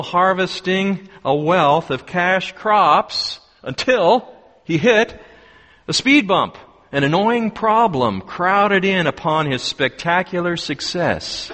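A man preaching a sermon with a slow delivery and dramatic pauses, reading a scripture story and retelling it vividly. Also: on the high side, a bit bright. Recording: long hall reverb.

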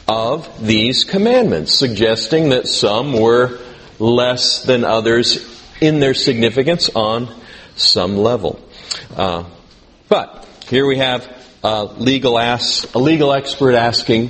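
A man's voice: mid-range voice, fairly bright tone. A man preaching in a conversational teaching style, reading scripture aloud and asking his listeners questions. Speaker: preacher teaching a Bible class. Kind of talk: sermon.

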